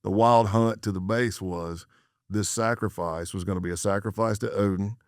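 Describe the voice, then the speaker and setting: A man's voice: fairly low pitch, steady tone, normal speed, no echo, clean studio sound. A middle-aged American man, a former undercover agent, telling a story as a podcast guest and acting out the dialogue he quotes. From United States.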